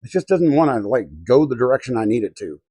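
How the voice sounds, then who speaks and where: A man's voice: mid-range voice, big pitch swings, fast talker, warm tone, breathy edge, no echo. A middle-aged man from Colorado hosting a casual live stream, talking to himself and his chat while he works. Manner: muttering to himself, reading chat aloud. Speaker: livestream host.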